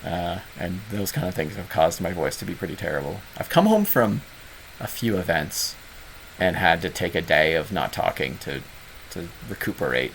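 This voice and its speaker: A man's voice: low voice, very animated, normal speed, vocal fry, a bit bright, a little hiss or hum, low-quality recording. A man with a Southern Ontario Canadian accent hosting casual online office hours, rambling and self-deprecating with many fillers. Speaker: host of a gaming club's online office hours. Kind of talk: casual livestream chat.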